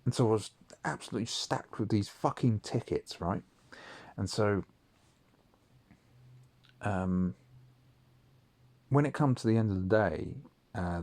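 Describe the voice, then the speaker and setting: A deep-voiced man rambling through a late-night anecdote, peppering it with swearing and plenty of ums. His delivery is loose and conversational, storytelling to himself in an audio diary. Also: darkish tone. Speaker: audio diarist. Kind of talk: casual storytelling monologue.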